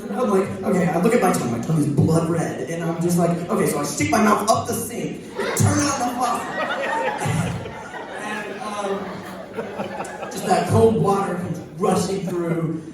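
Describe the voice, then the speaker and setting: A man's voice: high voice, normal speed. Teen boy telling stories in an echoey hall. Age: young teen. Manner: rambling, laughing through his own jokes. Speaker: student comedian. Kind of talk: stand-up storytelling. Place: large school hall with an audience. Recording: very echoey hall, crowd and noise from far off.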